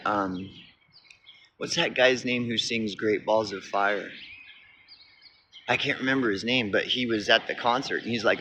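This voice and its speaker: A man's voice: lowish voice, pushed and bright. A man from Oklahoma vlogging outdoors beside a road, in a rambling, cynical, profane rant that often restarts. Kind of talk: casual rant to camera. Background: passing traffic.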